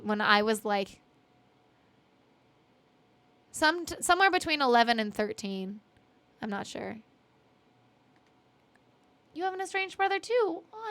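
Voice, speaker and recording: A young woman from Canada talks to her live-stream viewers in a high, bright voice. She laughs often, apologizes a lot and fills her sentences with ums and likes. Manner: chatty, giggly, apologetic, lots of fillers. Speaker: streamer and singer-songwriter. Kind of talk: casual live-stream chat reading viewer comments.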